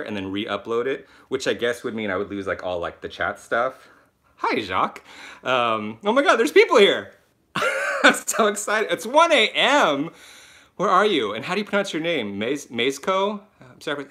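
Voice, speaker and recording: A young man hosting his first live stream from his phone, chatty and excitable, laughing often as he reads out viewer comments. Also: medium pitch. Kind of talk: casual live-stream chat.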